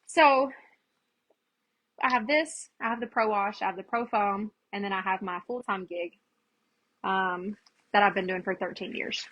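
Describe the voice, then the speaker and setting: A woman's voice: medium pitch, steady tone, unhurried, pauses often, a bit bright, lo-fi sound. A chatty woman, hosting a casual live crafting demo and greeting viewers by name as she works. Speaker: craft livestream host.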